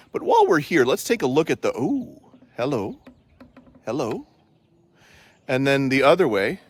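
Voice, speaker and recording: A man's voice: fairly high pitch, fairly bright tone. A man from Canada, hosting a walking vlog outdoors in a park, playful and joking, repeating his catchphrase. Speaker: vlog host.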